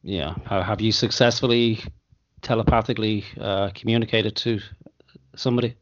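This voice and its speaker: A man hosting a podcast over an internet call, measured and dry, with casual swearing. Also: fairly low pitch, steady tone, muffled recording. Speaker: podcast host.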